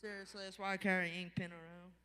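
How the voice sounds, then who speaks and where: A man doing stand-up with a bright, crisp, high voice. He rambles in a self-deprecating way and loses his place now and then. His voice echoes through a hall. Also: flat delivery, fast talker. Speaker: stand-up comedian. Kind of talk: stand-up comedy set. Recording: reverberant bar hall.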